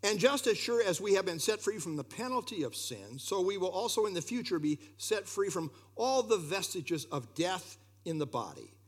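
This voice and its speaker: A man's voice: high voice, very animated, moderate pace, few pauses. A man preaching a sermon, emphatic and putting questions straight to his listeners. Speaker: pastor.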